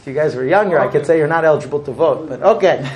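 A man's voice: fairly high pitch, racing, darkish tone. A man leading a group through a mock Seder, explaining terms and chanting the blessings. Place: room with a group.

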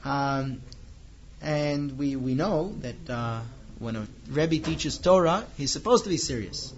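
A man telling a teaching story in an informal lesson, animated and acting out the characters' lines. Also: mid-range voice, slow pace, highs cut off, slight background noise.

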